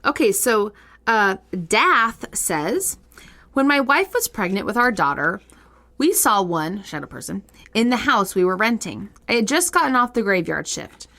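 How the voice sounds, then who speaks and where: Woman on a casual podcast, reading spooky listener stories aloud in an animated way. she breaks off with quick reactions and laughs, then goes back to the reading. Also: medium pitch, creaky. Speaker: podcast co-host.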